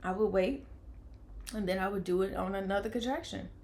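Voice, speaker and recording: A young woman tells her own story, casual and animated. She acts out the voices of the people around her and drops to a near whisper when she sounds worn out. Her voice sits at a middle pitch. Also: a little fast. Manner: animated, acts out quoted lines, swings from loud to hushed. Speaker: vlogger telling her birth story.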